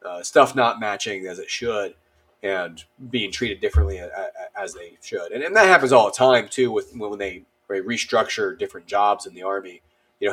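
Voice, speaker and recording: A man's voice: lowish voice, moderate pace, breathy edge. A man in his thirties, an army veteran guest, telling stories casually and acting out the lines of people in them, with many fillers. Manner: animated, acts out dialogue, lots of fillers. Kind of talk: casual storytelling.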